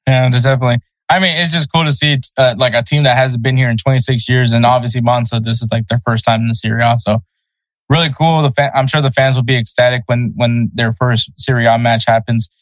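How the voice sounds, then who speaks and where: A man's voice: mid-range voice, fairly even intonation, quick pace, no echo, rough recording. A man co-hosting a casual sports podcast, loose and chatty, laughing at his own pronunciation slips. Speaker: podcast co-host.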